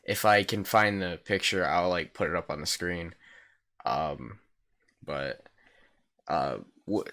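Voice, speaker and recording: A teenage boy tells a story straight to camera in a low, deep voice with a bright, forceful edge. He rambles, swears freely and leans on "like" constantly. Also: slow pace. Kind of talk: casual storytime vlog.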